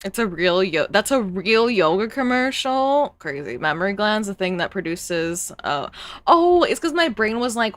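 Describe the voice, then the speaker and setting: A woman streams a casual live reaction with a rambling, giggly, exclamatory way of talking. Her voice sits at a middle pitch. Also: very animated, normal speed.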